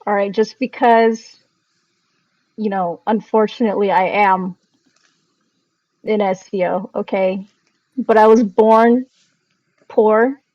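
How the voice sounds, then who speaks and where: A woman's voice: medium pitch, fairly even intonation, takes it slowly, long pauses, a little mellow, dry recording, lightly acted. Woman doing a defensive male adventurer, bitter, swearing, dry, dull lo-fi audio. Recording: dull lo-fi sound.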